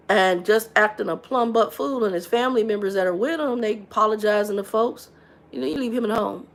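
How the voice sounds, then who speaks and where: A middle-aged woman hosting a casual livestream chat, frank and blunt, often stumbling and repeating words as she talks. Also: medium pitch. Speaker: livestream host.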